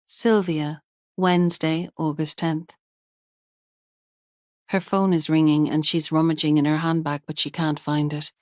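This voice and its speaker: A woman narrates an audiobook in a calm and measured way. Her voice sits on the low side. She is recorded close on the mic in a completely dry space. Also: dry recording.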